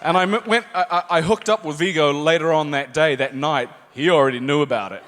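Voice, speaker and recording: In a large, echoey convention hall with faint noise, a high-voiced New Zealand man on a panel as a guest actor tells animated anecdotes to the audience. He speaks a little fast and acts out the voices.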